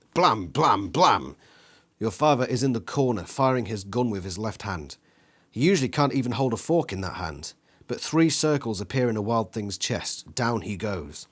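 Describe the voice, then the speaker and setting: A man reading an interactive gamebook aloud in an animated way, acting out the sound effects with his voice. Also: lowish voice, moderate pace, slightly rough. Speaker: reader.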